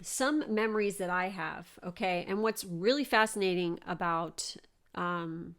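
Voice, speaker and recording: A young adult woman hosting a podcast, telling a story in a casual, animated way and swearing often. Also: lowish voice, measured pace. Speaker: podcast host.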